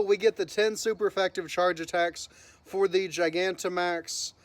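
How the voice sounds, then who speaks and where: A man's voice: sits high, steady tone, moderate pace, dry recording. Upbeat man narrating his gameplay. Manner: upbeat, narrates each move as it happens. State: voice cracking from early morning. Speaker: gaming channel host. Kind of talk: live gameplay commentary.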